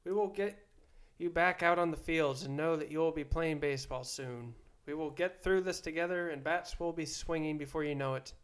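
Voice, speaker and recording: A man with a slightly higher voice hosts a casual podcast. He reads news stories aloud and teases his co-host in a quiz game, in relaxed everyday conversation. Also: moderate pace, few pauses, clean tone. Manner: reads headlines aloud, teasing quiz-master.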